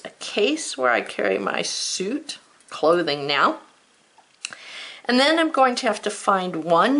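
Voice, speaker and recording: A woman's voice: fairly low pitch, fairly bright tone. A woman teacher giving a recorded spelling lesson to children, patient and encouraging, stretching out the sounds of words.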